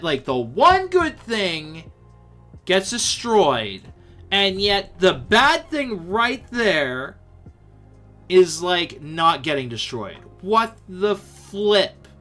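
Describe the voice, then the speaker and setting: A man's voice: high voice, big pitch swings, extremely slow, sharp tone, faint music behind, voice pushed up, heavily acted. A man voicing an exasperated, sulky male prophet who complains in slangy outbursts.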